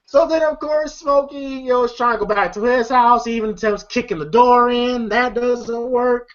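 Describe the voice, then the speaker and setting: Animated movie reviewer, muffled lo-fi sound. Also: medium pitch, normal speed. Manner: animated retelling with chuckles and filler phrases. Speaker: film reviewer. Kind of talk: casual movie recap. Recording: dull lo-fi audio.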